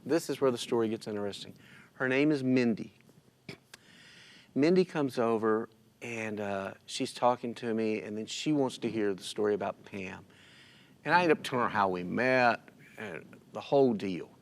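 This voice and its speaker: Middle-aged man, lively storyteller. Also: on the low side, moderate pace. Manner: animated, acts out other people's lines. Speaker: guest telling a personal story. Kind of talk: conversational storytelling.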